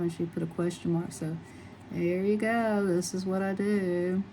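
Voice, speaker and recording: A woman's voice: fairly low pitch, fairly even intonation, a little fast, mellow, a little hiss or hum, rough recording. A middle-aged woman chatting casually and rambling as she colors, laughing often. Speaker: coloring channel host. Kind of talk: casual chat while coloring.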